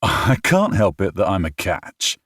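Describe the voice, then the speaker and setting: A man's voice: sits low, sing-song, measured pace, a bit bright, no echo, pitched above the performer's own voice, full character voice. A man voicing a wry British single dad with a guarded, dry manner.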